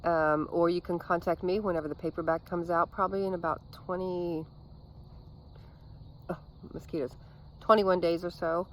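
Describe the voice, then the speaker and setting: A woman's voice: on the low side, little pitch movement, slight background noise, poor audio. Earnest middle-aged woman reading her memoir. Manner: earnest, unhurried, with frequent ums and restarts. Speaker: author reading from her book. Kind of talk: casual video, reading a memoir excerpt aloud.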